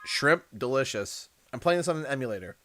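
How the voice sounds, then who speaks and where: A young man, hosting a gaming livestream and chatting with viewers in a jokey, animated way. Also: medium pitch, brisk. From Canada. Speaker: livestream host. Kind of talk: casual gaming livestream chat. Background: game music.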